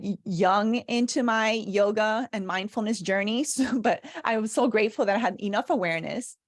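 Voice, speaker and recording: A woman in her thirties, from Cuba, telling a personal story in a lively talk and acting out bits of the dialogue. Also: mid-range voice, no room sound, studio quality. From Cuban. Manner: animated storyteller, laughs often, acts out dialogue. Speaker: speaker and leadership consultant.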